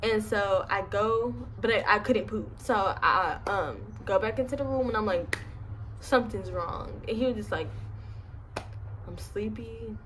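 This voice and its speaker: A woman's voice: medium pitch, moderate pace, slight background noise, rough recording. A young woman with a lisp from braces, telling a casual storytime at home in a chatty, slangy way. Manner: chatty, slangy, animated retelling. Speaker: vlogger. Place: home, indoors.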